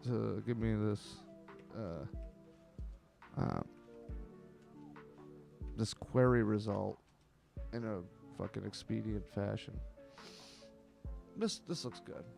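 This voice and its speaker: A man's voice: on the low side, slow, creaky, pauses often, darkish tone, soft background music. A man hosting a comedic show, rambling and sardonic, swearing often. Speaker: host. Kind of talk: casual comedic chat.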